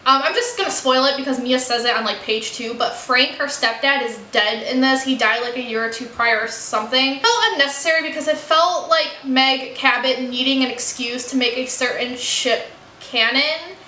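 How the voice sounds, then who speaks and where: A woman's voice: high-pitched, normal speed, bright, forceful tone, reverberant, a little hiss or hum. A woman from the United States chatting candidly in a casual book review vlog, with frequent "like" and "you know.". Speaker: book vlogger.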